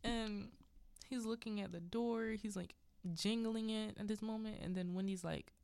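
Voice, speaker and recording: A woman's voice: mid-range voice, steady tone, normal speed, gravelly, dark tone, clean tone, no echo. A woman hosting a podcast who recaps a film in a casual, rambling way, full of unsure asides. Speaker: podcast host.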